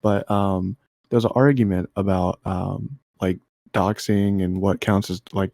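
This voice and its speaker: A man on a casual podcast, cracking jokes and sarcastic comebacks in a low, gravelly voice. He is recorded close and dry, with no room sound. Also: fairly even intonation, measured pace, darkish tone, dry recording. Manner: joking, sarcastic. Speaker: podcast co-host.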